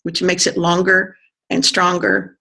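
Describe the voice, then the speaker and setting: Accent coach, gravelly, husky, bright, thoughtful pauses, demonstrates vowels. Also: medium pitch, sing-song. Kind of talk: conversational explanation of pronunciation.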